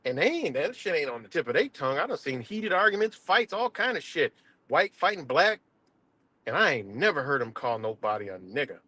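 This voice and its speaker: A man's voice: on the high side, sing-song, a little fast, pushed and bright, no echo. Heated, swearing man ranting live. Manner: profane, confrontational, repetitive. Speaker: streamer. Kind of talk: heated live-stream rant.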